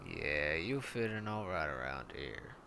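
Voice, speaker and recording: A man's voice: a bass voice, sing-song, a little slow, background noise, pitched below the performer's own voice, heavily acted. A man playing a brutal, profane male tank commander who barks orders with contempt. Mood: menacing.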